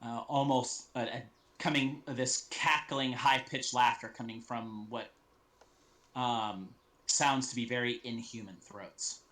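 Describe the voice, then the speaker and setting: A man runs a tabletop game, narrating slowly with a bright, somewhat tense voice. He halts often, filling pauses with ums and restarting sentences as he describes the scene. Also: medium pitch, fairly even intonation. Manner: halting, full of ums and restarts. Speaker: game master.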